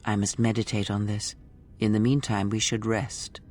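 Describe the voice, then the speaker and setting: A man voicing a stern, cryptic old female mentor in a solemn, measured way. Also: on the low side, level tone, darkish tone, faint music behind, pitched below the performer's own voice, close to an everyday voice.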